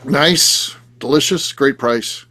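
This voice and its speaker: A man hosting a casual podcast who runs the segments and reacts quickly. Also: mid-range voice, sharp tone. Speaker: podcast host.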